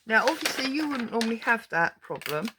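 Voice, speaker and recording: Giddy woman, crafting host, slightly high voice, unhurried, noisy desk recording. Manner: giddy, excitable, talks to herself. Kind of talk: casual crafting vlog, unboxing.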